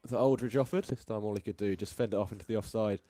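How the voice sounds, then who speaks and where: A man from England doing live ball-by-ball cricket commentary, chatty and quick to laugh between deliveries. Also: fairly low pitch, dark tone, no echo.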